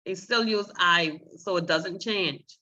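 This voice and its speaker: A woman's voice: on the low side, takes it slowly, bright, forceful tone, lo-fi sound. A woman teaching a beginner Spanish class, explaining patiently step by step and calling on students.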